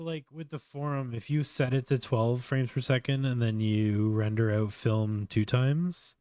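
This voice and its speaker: A man hosting a casual live tutorial, thinking aloud at a slow pace while he works. He mutters and trails off, then explains things chattily with lots of fillers. His voice is close-miked and dry, with no room sound. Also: fairly low pitch, a little mellow, no echo. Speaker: host.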